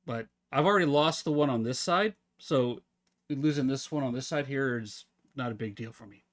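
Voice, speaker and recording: Man, live streamer, casual chat, relaxed, rambling, mid pitch. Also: normal speed.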